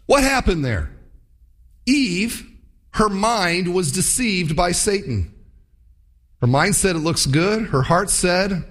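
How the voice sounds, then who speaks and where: Male pastor, sermon delivery, expressive storyteller, slightly higher voice with a very wide range. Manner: animated storytelling, acting out voices.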